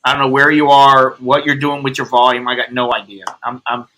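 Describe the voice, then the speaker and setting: A man's voice: mid-range voice, flat delivery, fairly quick, pushed and bright, rough recording. A man from the United States hosting a casual video call chat, blunt and joking. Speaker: host. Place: home in Bangkok.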